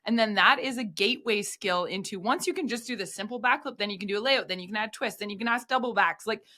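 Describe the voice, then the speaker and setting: A woman who coaches gymnastics, telling stories in a casual podcast chat, animated and full of "like" fillers. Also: medium pitch, fast. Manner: animated storyteller, many "like" fillers.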